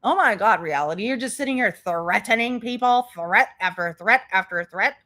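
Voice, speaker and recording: A woman's voice: medium pitch, lively intonation, moderate pace, sharp tone. A woman hosting a reaction commentary, talking in a sarcastic, mocking way. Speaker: commentary channel host.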